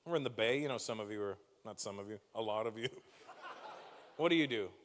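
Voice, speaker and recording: A man's voice: lowish voice, fairly quick, in a large hall, slight background noise. A male stand-up comedian from Canada doing crowd work on stage, firing teasing, profane questions at the audience.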